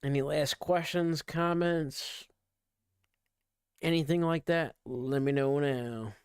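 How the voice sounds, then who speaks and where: A man's voice: a little high, steady tone, slow pace, clean tone, no room sound, clean studio sound. A man winding down a casual livestream from his bedroom at home, rambling and interrupted by hiccups and burps. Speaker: streamer.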